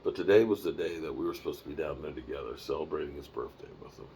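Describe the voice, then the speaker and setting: He's in his fifties, worn out and yawning as he rambles casually on a road live stream through a mic and small mixer. His extremely low, warm voice moves at a quick pace, with a little hiss or hum in the audio.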